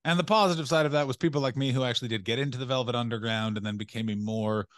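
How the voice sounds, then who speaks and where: A young adult man co-hosting a podcast, riffing in animated, profane rants during casual comedic chat. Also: mid-range voice, dry recording, clean studio sound. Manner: animated, profane ranting with rapid riffs. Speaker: podcast co-host.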